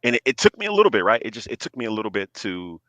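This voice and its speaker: A man in his forties, a podcast guest in casual chat, speaking earnestly and at a measured pace, often checking in with "right?". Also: on the low side, big pitch swings, fairly bright tone, no room sound.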